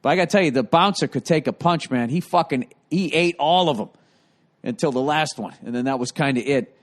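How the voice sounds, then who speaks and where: A man's voice: a little high, brisk. Profane, rambling man telling stories. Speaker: podcast host. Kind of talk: casual comedic monologue.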